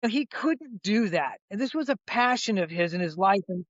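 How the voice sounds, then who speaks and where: Animated older man telling a story. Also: sits high, moderate pace, dry recording, muffled recording. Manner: animated storyteller, acts out quoted voices, frequent restarts. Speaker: chiropractor guest. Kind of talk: conversational storytelling.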